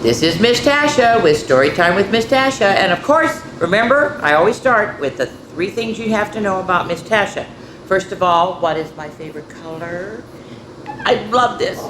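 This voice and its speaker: A woman's voice: mid-range voice, expressive, moderate pace, noisy background. A woman hosting a children's story time, talking in a cheerful, playful way straight to young listeners before reading a picture book aloud. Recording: roomy echo.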